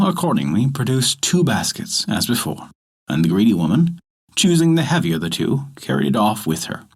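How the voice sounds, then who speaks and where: A man narrating a folk tale and hosting a story podcast, in an expressive, scripted storytelling manner. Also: on the low side, breathy edge.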